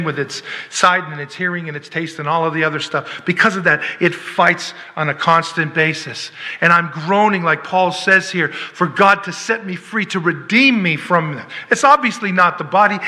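A man's voice: high-pitched, sharp tone. Emphatic preacher man in a reverberant hall. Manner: emphatic, rhetorical questions and mock dialogue. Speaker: pastor. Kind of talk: sermon.

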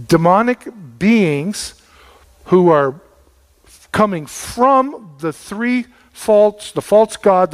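A man's voice: a little high, long reverb tail. A middle-aged man preaching a sermon, folksy and storytelling, repeating words for emphasis. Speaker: pastor.

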